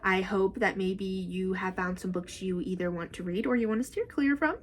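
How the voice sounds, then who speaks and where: A young woman chatting casually about books in a vlog, animated and full of "like". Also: medium pitch, moderate pace, a little hiss or hum. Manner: chatty and animated, with frequent "like" and "y'all". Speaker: book vlogger. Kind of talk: casual book review chat.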